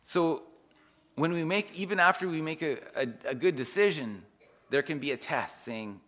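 A man preaching an informal sermon in an earnest way, reading scripture aloud and explaining it with restarts, his loudness rising and falling for emphasis. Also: a little high, expressive, normal speed.

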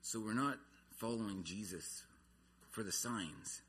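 A man's voice: lowish voice, unhurried, a bit bright, slight background noise. A man preaching a sermon, earnest, his voice rising and falling in intensity. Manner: earnest, rises and falls in intensity.

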